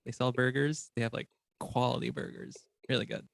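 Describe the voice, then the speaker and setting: A man's voice: medium pitch, fairly even intonation, fairly quick, vocal fry, a bit bright, no room sound. A man from the US, a guest on a video-call interview, giving short, hesitant answers with lots of fillers. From USA.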